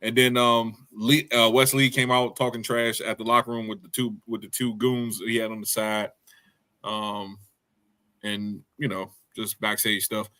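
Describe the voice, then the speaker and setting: A man's voice: fairly low pitch, little pitch movement, unhurried, bright, forceful tone. A man co-hosting a casual wrestling review podcast, rambling and slangy with lots of fillers. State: hiccups. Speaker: podcast co-host.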